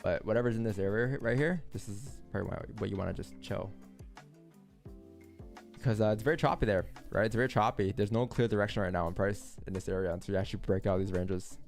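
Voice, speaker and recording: Young man, stream host, low gravelly voice, casual rambling chart talk, faint music behind. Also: fast talker, a little mellow. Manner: loose, repetitive, walks through charts. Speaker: live trading stream host. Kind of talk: casual live-stream commentary.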